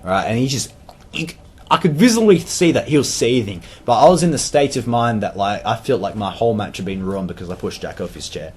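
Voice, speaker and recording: A man's voice: on the low side, a little fast, slightly rough. An Australian man guesting on a podcast, telling wrestling stories in casual chat, swearing freely with lots of fillers. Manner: swears freely, animated retelling with repeated fillers.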